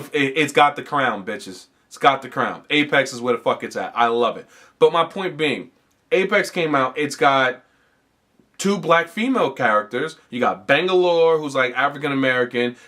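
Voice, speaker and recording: A young man hosting a comedy podcast, ranting casually with lots of swearing, restarts and animated asides. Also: mid-range voice. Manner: profane, animated, rambling with frequent restarts. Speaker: podcast host.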